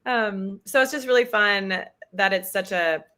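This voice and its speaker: A woman's voice: medium pitch, unhurried, bright, forceful tone. A woman in her thirties, a guest actress chatting enthusiastically in an interview, with lots of fillers. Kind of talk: casual interview chat.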